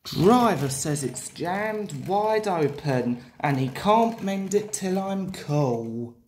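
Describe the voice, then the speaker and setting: A woman's voice: on the low side, lively intonation, takes it slowly, a little mellow, slight background noise. Woman voicing a moaning male steam engine. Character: proud worried male tender engine. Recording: roomy echo.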